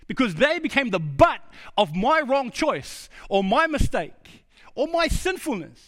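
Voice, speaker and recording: Earnest high-voiced New preacher. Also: male voice. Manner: earnest, personal storytelling with sudden drops to a low, quiet voice. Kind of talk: sermon.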